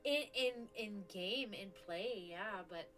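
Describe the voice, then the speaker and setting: A woman's voice: medium pitch, expressive, slow, a bit bright. A woman hosting a live stream, chatting casually and rambling, with frequent restarts and offhand swearing. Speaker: stream host.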